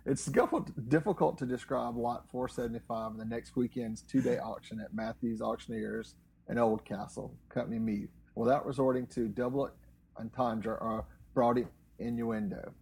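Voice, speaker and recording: Man, gravelly voice, husky, dry matter-of-fact reading, casual co-host. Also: mid-range voice, fairly even intonation, normal speed, darkish tone, poor audio. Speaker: co-host reading news stories. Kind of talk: casual news chat, reading articles aloud.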